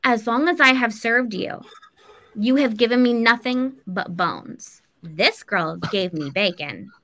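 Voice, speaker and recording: Wise storybook cat, read by a woman, calm and instructive, bright tone. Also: on the high side, slow, heavily acted.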